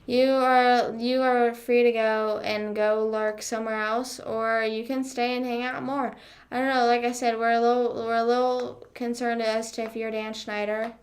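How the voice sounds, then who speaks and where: A woman's voice: on the high side, flat delivery, normal speed. A young woman livestreamer chatting casually with her viewers, sarcastic, full of fillers and swearing. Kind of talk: casual chat with live viewers.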